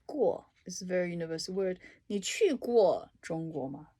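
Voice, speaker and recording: A woman reading through dictionary entries and explaining each one with everyday examples, in an unhurried, casual way. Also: fairly low pitch, expressive. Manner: unhurried, explaining words with examples, soft asides. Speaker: language tutor.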